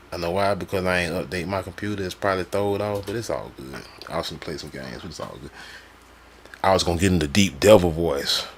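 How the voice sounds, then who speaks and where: A man's voice: on the low side, creaky, fairly bright tone, a little hiss or hum. A man live streaming, reading sources aloud and breaking off into loose, slangy, mocking commentary. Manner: loose slangy talk, quick to laugh and mock.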